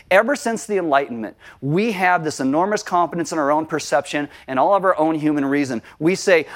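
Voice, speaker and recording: Male pastor, sermon delivery, slightly high voice, acts out quotes with lively emphasis. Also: brisk.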